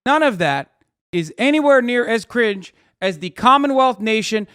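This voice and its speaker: A man's voice: very high voice, expressive, moderate pace, a bit bright, clean tone, no echo, studio quality. A male streamer reacting to chat, ranting heatedly with plenty of profanity and sarcastic jokes. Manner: jokey, trailing off into mumbles.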